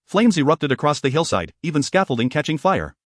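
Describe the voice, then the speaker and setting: A man narrating an audiobook at a very fast clip. His voice sits a little above average in pitch, and the sound is dry and close, with no room around it. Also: very animated, no room sound.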